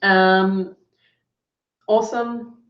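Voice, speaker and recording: A woman's voice: medium pitch, fairly even intonation, extremely slow. A woman running a live online Q&A as a business coach, giving upbeat, encouraging feedback on students' work. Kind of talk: live Q&A session. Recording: roomy, dull lo-fi sound.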